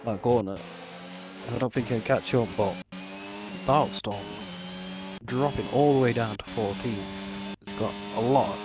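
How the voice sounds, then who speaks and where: A man giving easygoing color commentary on an online racing league, occasionally unsure of the standings. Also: mid-range voice. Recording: dull lo-fi mic with steady hiss.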